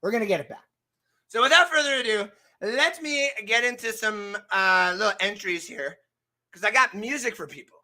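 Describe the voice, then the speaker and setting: Man, podcast host, slightly high voice, rambling, self-deprecating, laughs a lot. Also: animated, moderate pace, sharp tone, rough recording. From Canada. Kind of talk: casual podcast chat.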